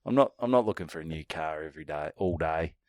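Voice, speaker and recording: A man's voice: very deep voice, animated, quick pace, darkish tone, dry recording, clean studio sound. An Australian man co-hosting a podcast, telling a rambling, crude story in casual chat and acting out the other people in it. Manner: crude, laddish, acts out quoted voices. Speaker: podcast co-host.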